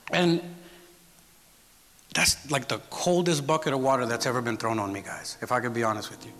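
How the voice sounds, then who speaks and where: A guest preacher with a bright, forceful mid-range voice speaks at normal speed, pausing often, as he shares a personal story in a church hall. He talks conversationally and checks in with the congregation by asking "right?". A faint crowd, music, and church hall reverb come through.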